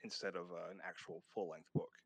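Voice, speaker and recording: A man's voice: low-pitched, steady tone, a little fast, creaky, breathy edge, no room sound. A man, a guest author, talking casually in an interview, rambling a little with fillers and restarts.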